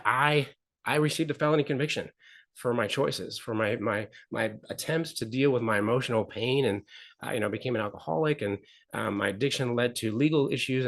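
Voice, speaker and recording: A middle-aged man with a voice of ordinary pitch tells a personal story as a talk show guest. He talks in an earnest way, repeats phrases for emphasis and acts out the people he quotes. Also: vocal fry, fairly bright tone. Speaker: podcast guest. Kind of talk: candid storytelling interview.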